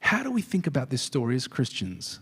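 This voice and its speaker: A man preaching a sermon as a pastor, telling the story with animated swings from hushed whispers to rousing calls. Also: mid-range voice, a little fast, breathy edge. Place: church hall. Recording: hall reverb.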